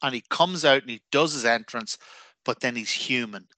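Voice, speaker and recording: A man's voice: mid-range voice, normal speed, bright, forceful tone, dry recording. A man with an Irish accent, co-hosting a wrestling podcast in casual, crude, joking chat. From Ireland. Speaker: podcast co-host.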